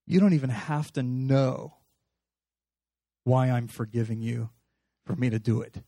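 A man preaching a sermon in a lively, conversational way, acting out little dialogues as he speaks to a live congregation. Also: medium pitch, a little slow, no echo. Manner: animated, conversational, acts out dialogue.

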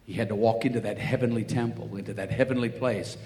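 This preacher talks fast in a lowish, mellow voice with fairly even intonation. He tells Bible stories during his sermon, performing the characters' quoted lines in their own voices. Long hall reverb and faint ambient noise are audible.

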